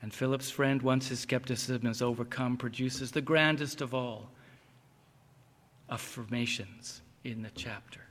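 A man preaching an expository sermon, reading scripture slowly and with deliberate emphasis. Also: medium pitch, fairly bright tone. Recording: long reverb of a large hall.

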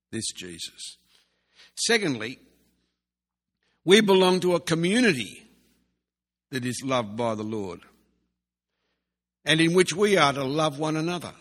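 A man preaching a sermon in an earnest way, slowly repeating key phrases for emphasis. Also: medium pitch, lively intonation, a bit bright. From Australia. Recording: long hall reverb.

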